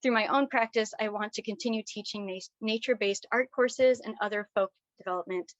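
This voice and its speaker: A woman graduate student presenting her thesis over a video call, tearful, earnest and halting. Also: mid-range voice, no echo. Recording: dull dry video call audio.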